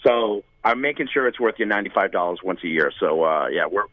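Male sports talk co-host, relaxed and jokey, slightly dull lo-fi audio. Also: low-pitched, fast talker, no echo. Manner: easygoing, jokey, lists picks and schedules.

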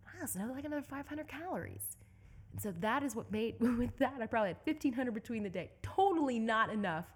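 A young woman from Southeast Texas telling a story as an interview guest, animated and laughing often. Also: on the high side, quick pace, slightly rough. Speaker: guest, endurance bike racer.

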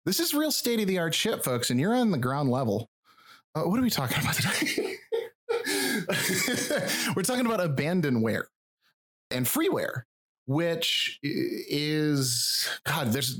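A man's voice: on the high side, big pitch swings, a little slow, fairly bright tone. Wry rural Michigan man hosting a podcast. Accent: rural Michigan, drops final G's and D's. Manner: wry, swearing, self-mocking. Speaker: podcast host and researcher. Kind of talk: casual podcast chat with jokey asides.

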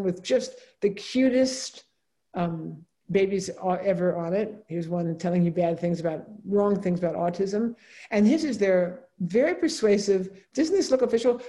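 A woman lecturing from slides. Her voice is mellow and warm, at a middling pitch for a woman. She talks in a loose, conversational way, often checking in with her listeners and pausing on fillers. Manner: conversational, frequent "right?" and "um".

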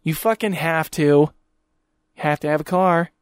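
A man's voice: fairly high pitch, moderate pace, smooth, dry recording, studio quality. A young man hosting a podcast, ranting and swearing in an exasperated monologue. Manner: exasperated, swears constantly, mocks people in quoted voices. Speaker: podcast host.

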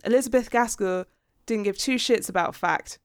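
A woman's voice: mid-range voice, normal speed, clean tone, no room sound, studio quality. A woman co-hosting a podcast, chatting casually and frankly about books and swearing freely. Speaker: podcast co-host. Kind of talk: casual book chat.

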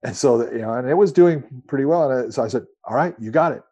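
Mellow-voiced man telling a long story. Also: medium pitch, quick pace, husky. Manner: relaxed, rambling with profanity. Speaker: podcast co-host. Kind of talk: casual storytelling.

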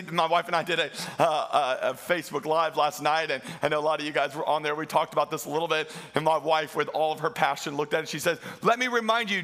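A man's voice: sits high, sharp tone. A middle-aged man preaching a sermon as pastor, emphatic and repeating phrases for stress.

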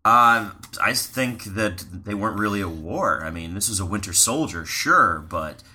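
A man on a casual podcast panel, contrarian with deadpan asides. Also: lowish voice, moderate pace, husky.

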